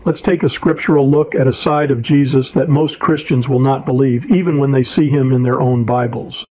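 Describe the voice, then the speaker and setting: A man's voice: mid-range voice, fairly even intonation, normal speed. A man preacher reading his own sermon paper aloud, emphatic and indignant. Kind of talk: read sermon narration. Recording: tinny phone-like audio.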